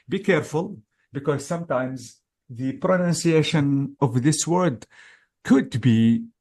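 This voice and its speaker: A man with a mid-range, slightly mellow voice teaches an English test-prep lesson for exam practice. He explains things patiently and step by step, hesitating often and checking in with his listeners.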